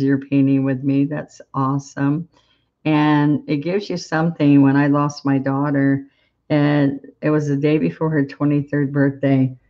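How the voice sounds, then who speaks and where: A woman leads a live painting lesson in an unhurried, fairly level voice, chatting to viewers as she works. The sound is a little dull, like live-stream audio. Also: low voice, darkish tone. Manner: chatty, encouraging, talks to viewers while painting. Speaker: painting instructor.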